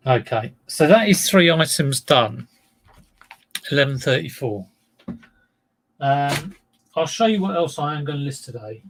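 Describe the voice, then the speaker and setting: A man's voice: on the high side, expressive, a little slow, pauses often, fairly bright tone, slight background noise. A middle-aged man chatting casually on a livestream as a reseller, rambling and self-deprecating.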